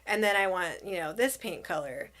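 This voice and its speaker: A woman's voice: on the low side, moderate pace. A woman vlogger telling a story in a casual, chatty way, acting out what people said. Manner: chatty, animated, acts out quotes.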